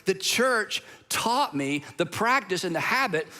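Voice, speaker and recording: A man's voice: sits high, expressive, unhurried, bright, forceful tone. A man from Georgia in the United States preaching a sermon as pastor, telling stories in a conversational way with humorous asides. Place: church auditorium.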